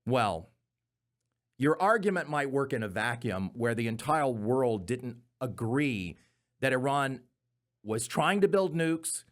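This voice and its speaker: A man's voice: mid-range voice, sing-song, slow, a bit bright. A man hosting a comedy commentary podcast, arguing his points with sarcastic, mocking asides. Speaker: podcast host.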